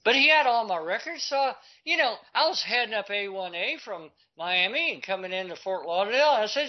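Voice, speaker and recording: Older man, high-pitched voice, animated personal storytelling, dull lo-fi sound. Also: fairly quick, hardly any pauses. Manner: animated, acts out quoted voices. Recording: dull lo-fi recording.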